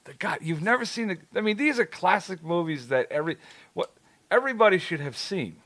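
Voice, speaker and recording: A man's voice: sits high, animated, a little fast, fairly bright tone, dry recording. A man in his thirties co-hosting a podcast in casual chat, rambling, swearing freely and laughing often. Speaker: podcast co-host.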